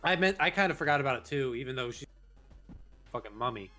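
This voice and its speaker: A man's voice: medium pitch, lively intonation, fast talker, sharp tone, soft background music. A man casually commenting on a horror game with a friend, reading its text aloud, swearing and laughing often. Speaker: let's play host.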